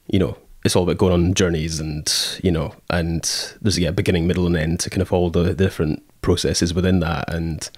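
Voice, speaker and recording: A man's voice: low-pitched, steady tone, a little fast, few pauses, darkish tone, dry recording, clean studio sound. A Scottish man in casual conversation, rambling with many fillers and acting out quoted thoughts as he tells stories. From Scotland. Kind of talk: casual chat.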